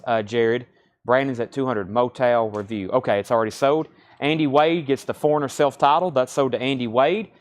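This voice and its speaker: A man hosting a live-streamed record sale, reading out titles, prices and bids in brisk auctioneer-style calls. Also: mid-range voice. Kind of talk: live-stream sales patter.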